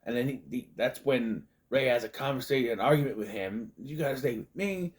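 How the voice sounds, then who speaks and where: A man recapping a movie in a loose, casual way, often slipping into quick put-on voices to act out the scenes. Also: medium pitch. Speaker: movie reviewer.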